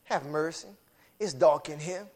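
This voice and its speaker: A male preacher voicing a frightened young man begging to be pulled out of a dark pit, in a whiny, pleading tone. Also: a little high, unhurried.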